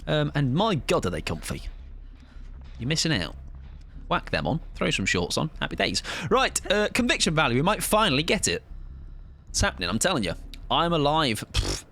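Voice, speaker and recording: A man's voice: on the high side, huge pitch swings, moderate pace, gravelly, bright, forceful tone. A young man streaming a game live, chatting in a joking, self-mocking, rambling way.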